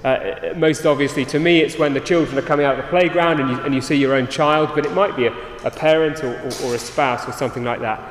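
A man's voice: mid-range voice, fairly even intonation, quick pace, hardly any pauses, slight background noise. A man preaching a sermon, earnest, often restarting his sentences. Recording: roomy hall reverb.

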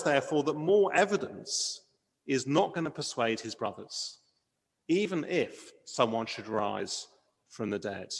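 A fairly high male voice trails off into long reverb as he preaches with earnest conviction. He puts weight on key words, varies his loudness for emphasis, and asks rhetorical questions.

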